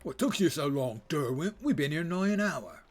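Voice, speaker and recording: A man voicing a sneering male ruffian gang leader in a put-on lower-class British accent, gruff and menacing. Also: big pitch swings, normal speed. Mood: jeering.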